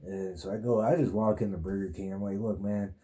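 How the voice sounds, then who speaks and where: A man's voice: low-pitched, fairly even intonation, fast talker, mellow. A male podcast host telling a casual, rambling, profane story in a laid-back way.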